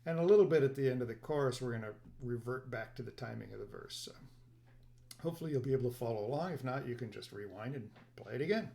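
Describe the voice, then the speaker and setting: A man hosting a ukulele play-along, explaining each song in a soft, casual way with quick bursts and fillers. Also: mid-range voice, gravelly. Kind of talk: casual instruction between songs.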